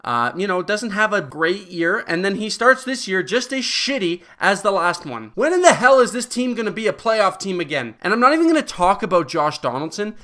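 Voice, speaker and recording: A man tearing through a baseball stats recap in a heated, profane rant. His voice sits a bit high and comes across forceful and tense. He sounds exasperated as he runs through the numbers. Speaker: guest sports commentator.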